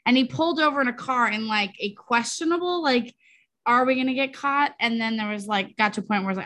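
A woman in her forties chats on a podcast, rambling through stories with lots of fillers. Her voice sits a little high. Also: fairly quick, pushed and bright. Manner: chatty, rambling storyteller with many fillers. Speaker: podcast co-host. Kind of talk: casual chat.

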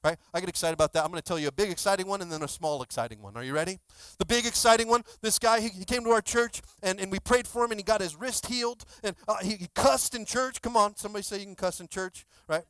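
A male pastor giving a sermon, telling stories in an animated way, acting out quotes and often repeating words. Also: sits high, fast talker, dry recording. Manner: animated storytelling, acts out quotes; repeats words, many restarts.

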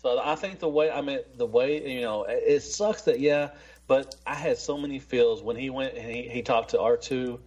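Man, casual podcast host, rambling and profane, husky, slightly muffled sound. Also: medium pitch, normal speed, a little mellow. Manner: rambling, loose, swears freely. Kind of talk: casual chat.

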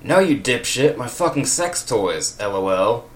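A man's voice: mid-range voice, sing-song, unhurried. A man doing a crude, brash male chef. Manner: crude, mocking.

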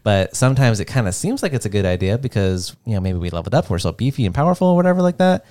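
A man's voice: lowish voice, big pitch swings, racing, mellow, no echo. A man chatting casually as a player on a tabletop gaming podcast, easygoing and joking. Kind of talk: casual chat.

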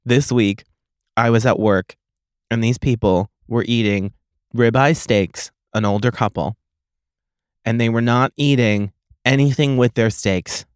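A man's voice: mid-range voice, a little slow, smooth, dry recording, studio quality. Profane, sarcastic man telling stories. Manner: profane, sarcastic, animated storytelling. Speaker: podcast host. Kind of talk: solo comedic storytelling podcast.

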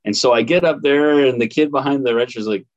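In a relaxed podcast conversation, a co-host in his thirties with a Midwestern American accent tells a travel story and laughs easily. He talks fast in a mid-range voice, and the recording sounds muffled.

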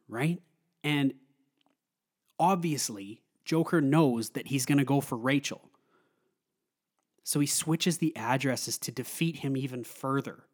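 A man giving a casual, excited film review, rambling with lots of fillers. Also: medium pitch, slow pace, long pauses.

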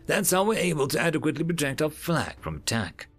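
A man's voice: on the high side, very animated, quick pace, breathy edge, soft background music, pitched above the performer's own voice. A man voicing a proud, self-assured male alien soldier in a story reading.

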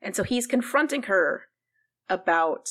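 A woman's voice: medium pitch, animated, a little slow, fairly bright tone. A woman co-hosting a podcast, recapping a TV show in casual chat, rambling with lots of "like" and "um". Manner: rambling, full of "like" and "um" fillers. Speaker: podcast co-host.

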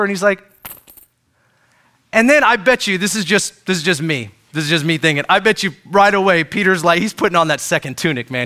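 Man, pastor, sermon, chatty and joking, high voice, bright tone. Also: expressive, brisk. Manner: conversational, joking, asks the congregation questions. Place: church service.

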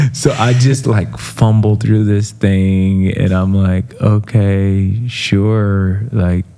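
A man's voice: low voice, slow, creaky, hardly any pauses. A man being interviewed as a motivational speaker, telling stories casually with lots of fillers and acting out what people said. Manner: animated storyteller acting out quotes; loose, filler-heavy talk.

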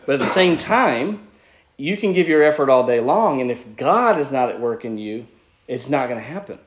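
A man's voice: medium pitch, lively intonation, normal speed. Man preaching an earnest Bible teaching. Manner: earnest teaching with frequent restarts. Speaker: pastor. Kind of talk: sermon.

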